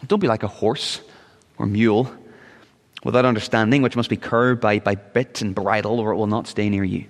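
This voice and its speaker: A man's voice: fairly low pitch, fairly even intonation, normal speed. Earnest male preacher in a reverberant hall. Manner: earnest, rises to urgent pleading appeals. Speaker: pastor. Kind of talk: sermon. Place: church sanctuary. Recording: long reverb of a church hall.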